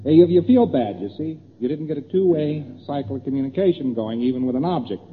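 A man's voice: fairly high pitch, animated, fast, a little hiss or hum. Tinny old lecture by a man. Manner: conversational, repeats points, acts out little exchanges. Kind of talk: lecture explaining graphs on a board. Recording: tinny old tape in a reverberant hall.

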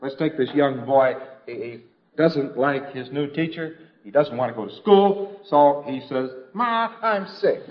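A man's voice: medium pitch, unhurried, highs cut off. A man giving an informal lecture in a conversational, wry storytelling manner, slipping into quoted voices.

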